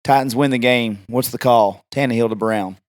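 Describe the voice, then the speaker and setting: A man's voice: mid-range voice, moderate pace. A man hosting a podcast, chatting enthusiastically with his guest in a casual interview. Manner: chatty, enthusiastic fan talk. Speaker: podcast host.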